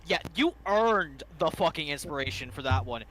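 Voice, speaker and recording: Bright-voiced male game master. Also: fairly high pitch, lively intonation, moderate pace, slight background noise. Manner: loose, swears freely. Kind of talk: casual game-table chat.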